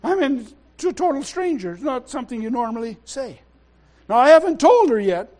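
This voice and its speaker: A man preaching a sermon as pastor, emphatic and halting, with frequent restarts, swinging between quiet asides and loud exclamations. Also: very high voice, very animated.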